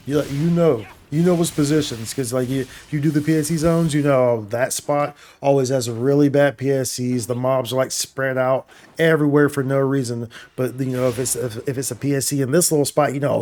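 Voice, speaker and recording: A man's voice: fairly high pitch, brisk, a little mellow, slight background noise. A man giving an enthusiastic, casual rundown of game updates, tossing in slang like "y'all" and "bro" as he talks to his viewers. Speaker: gaming YouTuber. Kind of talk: excited gameplay update commentary.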